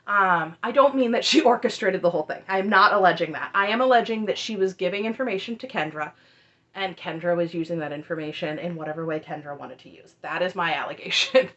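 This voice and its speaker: A woman's voice: lowish voice, quick pace, fairly bright tone, muffled recording. A woman giving casual, sarcastic recap commentary on reality TV, with chatty asides, recorded at home under a ring light.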